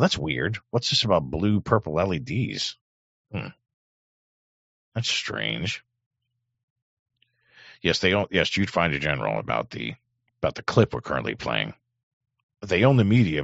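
A man's voice: low-pitched, creaky, fairly bright tone, dry recording, muffled recording. A middle-aged man hosting a livestream, reading chat aloud in a sardonic, rambling way with many fillers. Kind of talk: casual livestream commentary.

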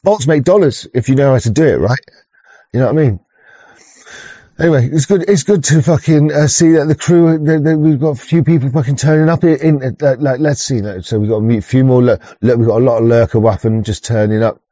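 A man's voice: medium pitch, a little fast, warm tone, no room sound. Rambling man, dull lo-fi mic. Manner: rambling, profane, frequent restarts. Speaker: livestream host. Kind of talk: rambling livestream chat.

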